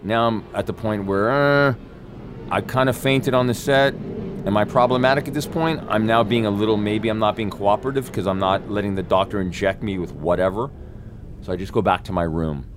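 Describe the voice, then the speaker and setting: A male actor, a guest on an interview show, telling a long anecdote in a profane, animated way. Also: lowish voice, fairly quick, noisy background.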